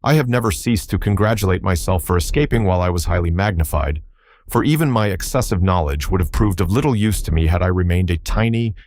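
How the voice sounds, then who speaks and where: Brief: a fussy, self-important insect scholar, formal and wordy, voiced by a man with a deep voice. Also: animated, quick pace, darkish tone, no room sound, studio quality. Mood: pompous. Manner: verbose, self-admiring, formal. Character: pompous learned giant male insect, fussy.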